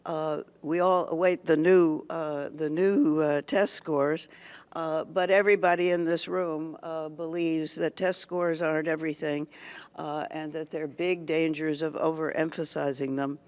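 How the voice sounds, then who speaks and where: A speaker delivering a prepared address to a schools association meeting, deliberate and halting with many pauses and restarts. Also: medium pitch, little pitch movement, smooth. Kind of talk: prepared public speech. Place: meeting hall at an annual meeting.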